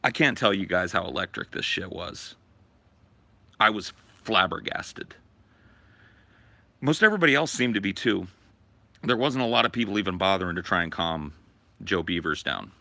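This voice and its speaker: A man telling a profane story in a casual, animated way as a podcast host. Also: low voice, moderate pace, long pauses, no room sound.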